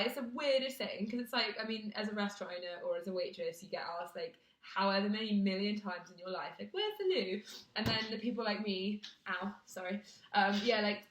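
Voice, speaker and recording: A woman's voice: mid-range voice, steady tone, fairly quick, few pauses, fairly bright tone. A woman in her twenties from Britain, vlogging to camera in a casual, self-deprecating, chatty way with lots of fillers. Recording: echoey room.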